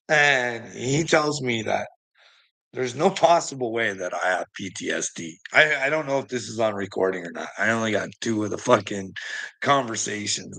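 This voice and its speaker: A man's voice: on the low side, creaky, sharp tone, husky. A man ranting on a casual livestream, profane and rambling, breaking into laughter often.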